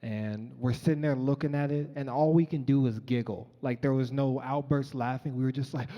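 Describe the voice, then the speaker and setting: A man's voice: medium pitch, fairly even intonation, normal speed, few pauses. Earnest young man telling a story on stage. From Colorado. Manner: earnest, conversational, with frequent ums. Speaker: featured storyteller. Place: large event hall, on stage. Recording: dull, echoey live hall recording.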